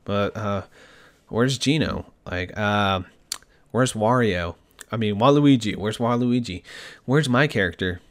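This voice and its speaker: A man's voice: fairly low pitch, measured pace, voice pushed down. A man mockingly voicing whiny, entitled male gaming fans in a petulant tone. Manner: whining, petulant.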